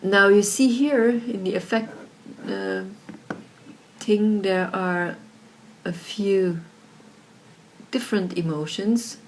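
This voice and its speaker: A woman explaining audio software in a casual tutorial, recorded on her laptop's built-in microphone, chatty with lots of fillers. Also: medium pitch, slow, long pauses, slight background noise. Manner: chatty, many fillers like "like" and "you know".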